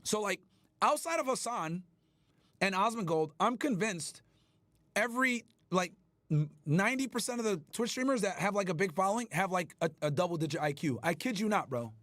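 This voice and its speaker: A man hosting a livestream, ranting at his chat in a loud, profane, emphatic way. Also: sits high, lively intonation, moderate pace, dry recording. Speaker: livestream host. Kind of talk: casual livestream rant.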